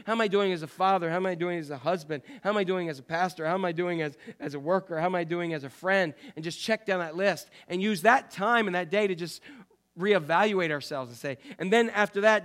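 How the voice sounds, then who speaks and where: A man preaching a sermon as pastor, swinging from loud, emphatic lines to quiet, low asides.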